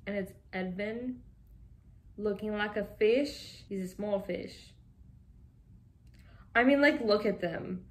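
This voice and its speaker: A woman's voice: medium pitch, takes it slowly, long pauses. Chatty giggly young woman from Canada. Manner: chatty and giggly, often laughing. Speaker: vlogger. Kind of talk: casual fan commentary reading tweets.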